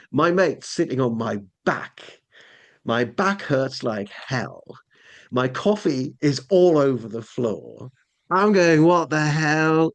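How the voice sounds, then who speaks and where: Rambling English man telling a story. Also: a little high. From England. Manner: rambling, many restarts and fillers. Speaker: podcast guest. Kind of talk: casual storytelling.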